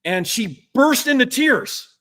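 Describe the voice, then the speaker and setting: A man telling a story in a casual business chat, animated and acting out the quotes. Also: very high voice, slow.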